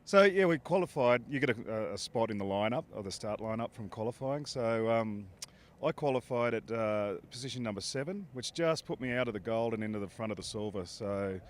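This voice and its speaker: A man's voice: on the low side, lively intonation, a little fast. A man with an Australian accent, a racing pilot, answering interview questions in a laid-back way with dry humor, outdoors at an air race. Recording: faint outdoor background noise.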